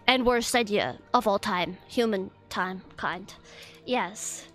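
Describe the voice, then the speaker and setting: High bright-voiced flustered young woman. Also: lively intonation, a little slow, faint music behind. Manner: flustered, rambling, swears often. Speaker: streamer. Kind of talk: casual live-stream chat.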